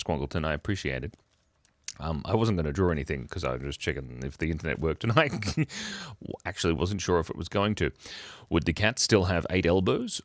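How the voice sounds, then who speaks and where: A man's voice: low-pitched, dry recording, clean studio sound. A man hosting a casual livestream chat, playful and silly, often giggling. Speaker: livestream host.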